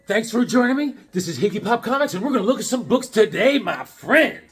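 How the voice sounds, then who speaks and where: A man's voice: sits high, lively intonation, brisk, hardly any pauses, fairly bright tone, slightly rough, faint music behind. A man hosting his own comic book channel, chatting in a jokey, rambling way. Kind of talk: casual chat.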